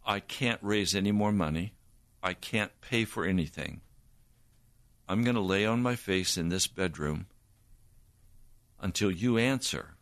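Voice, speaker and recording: Slow, earnest older man testifying. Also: sits low, fairly bright tone, no echo. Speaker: preacher. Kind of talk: personal testimony.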